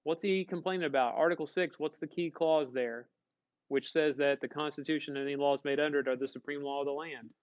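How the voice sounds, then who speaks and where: A male teacher giving a casual classroom lecture, animated and quizzing the class. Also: on the high side, brisk, dull audio.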